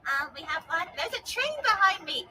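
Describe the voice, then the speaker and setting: A woman's voice: very high voice, very animated, moderate pace, sharp tone, slight background noise. A woman outdoors, playfully and self-deprecatingly pleading for donations for a theatre company. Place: outdoors near a train line. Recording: ukulele playing with the voice.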